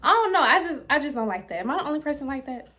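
A woman's voice: high-pitched, very animated, racing, sharp tone. A young woman, chatting casually and expressively to her viewers in a home vlog, speaking into her camera. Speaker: vlogger.

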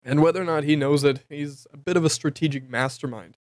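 A man's voice: a little high, fairly even intonation, fairly quick, darkish tone, no echo, clean studio sound. Chatty man recapping a tabletop campaign. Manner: rambling, jokey, many fillers and self-corrections. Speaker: tabletop game player giving a recap. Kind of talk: casual humorous recap.

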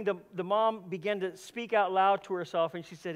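A man with a high-pitched voice preaching a sermon as a senior pastor. He tells stories earnestly, often repeating a word as he starts a phrase. He moves between loud, emphatic stretches and quiet, hushed passages. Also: fairly even intonation, moderate pace, hardly any pauses, clean tone.

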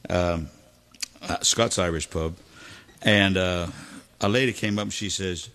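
A man's voice: sits low, a little slow, pauses often. A man, a singer and guitarist hosting a live music stream, telling a story between songs in a folksy, chuckling way. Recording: with loud guitar music behind.

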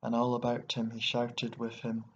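A man with an Irish accent narrating a short story in a steady, even way. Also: mid-range voice, normal speed. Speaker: audiobook narrator. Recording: dull lo-fi recording with faint hiss.

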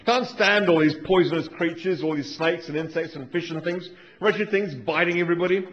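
A grumpy, rambling Australian venom expert, as a man puts him on. He grumbles in a high voice and frets over every little thing. The old live recording sounds dull and lo-fi. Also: a little fast, echoey room, natural voice. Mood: grumbling. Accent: Australian, put on. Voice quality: fussy, rambling, exasperated. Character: grumpy middle-aged male venom scientist.

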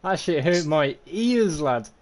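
Lad streaming a football game. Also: male voice, a little high, expressive, slow pace. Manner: banter-heavy, laddish slang. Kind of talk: casual gaming chat.

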